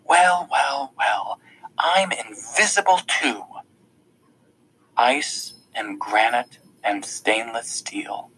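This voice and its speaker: Man doing a blind teen girl, hissing, whispery, husky, hard and flat, bitter. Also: mid-range voice, normal speed, poor audio. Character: blind teenage girl, bitter, scared, tough.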